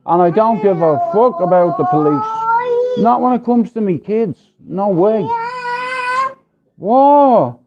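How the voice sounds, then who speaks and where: A man's voice: sits high, wildly swooping pitch, measured pace, noisy background. An Irish man hosting a livestream, ranting in a blunt, profane, rambling way. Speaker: livestream host. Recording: dull lo-fi stream audio.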